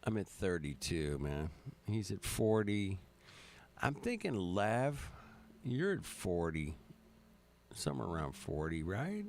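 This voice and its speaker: A man's voice: deep voice, sing-song, slow, darkish tone. A man hosting a casual livestream, reading out viewer comments in a laid-back drawl, with frequent swearing and lots of "man" and "bro". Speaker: livestream host. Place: at home, in California. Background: guitar music.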